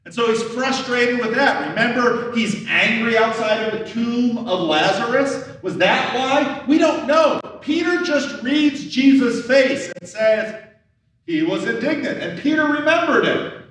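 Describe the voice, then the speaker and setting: A high-pitched man preaches from the pulpit at an unhurried pace, talking to the congregation like a conversation and voicing the questions of the people in the story. He is heard from some distance off the mic, with a long echo ringing through a big church hall. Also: lively intonation, a bit bright. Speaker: pastor. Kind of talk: sermon. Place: church sanctuary.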